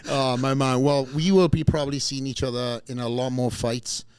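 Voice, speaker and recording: A man hosting a podcast, joking around and rambling with lots of fillers before thanking his guest. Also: medium pitch. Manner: joking, rambling, warm sign-offs with fillers. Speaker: podcast host. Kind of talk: casual podcast chat.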